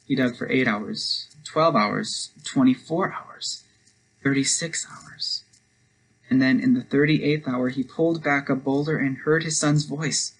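A man delivers a devotional sermon with a husky, slightly breathy voice at an ordinary middle pitch. He tells his story earnestly and moves into prayer in the same steady, sincere manner. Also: unhurried, rough recording. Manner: earnest storytelling, speeds up for quoted lines.

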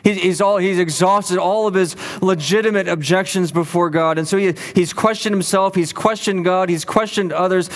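A man's voice: high voice, long reverb tail. A male pastor preaching a sermon in an earnest, emphatic way, leaning on repeated phrases for weight.

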